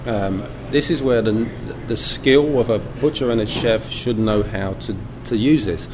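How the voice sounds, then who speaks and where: A middle-aged man from England, a butcher shop owner talking in a documentary interview, relaxed and reflective with many ums and restarts. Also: lowish voice, a little slow, a crowd in the background. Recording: air conditioning hum behind.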